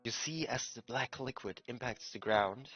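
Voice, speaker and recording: A man narrating as game master, in a hushed and halting way. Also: medium pitch, breathy edge, dry recording, lo-fi sound. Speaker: dungeon master.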